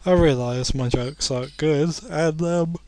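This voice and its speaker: A man's voice: a little high, a little slow, a little mellow, no room sound. A sleepy man commentating a video game, rambling and making self-deprecating jokes between muttered asides. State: sleepy, yawning. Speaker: let's play commentator.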